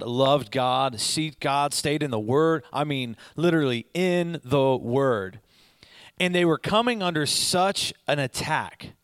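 A man's voice: fairly high pitch, a bit bright, dry recording. A man preaching a sermon, urgent and repetitive, building to emphatic exhortation.

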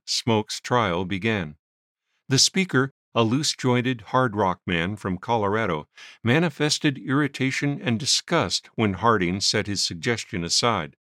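A man narrating a story in a measured storytelling manner. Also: fairly low pitch, fairly bright tone, dry recording, studio quality. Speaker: audiobook narrator. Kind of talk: scripted narration.

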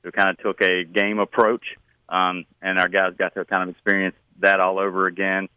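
A middle-aged man, a high school football coach, answering radio interview questions in a relaxed, plain-spoken way with many fillers and restarts. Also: moderate pace, smooth, dry recording, highs cut off.

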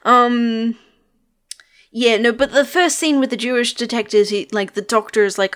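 A woman chatting casually on a podcast, her voice sitting a touch high. She rambles through her points with frequent giggles and filler words. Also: steady tone, moderate pace, a bit bright, smooth. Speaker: podcast co-host. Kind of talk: casual chat.

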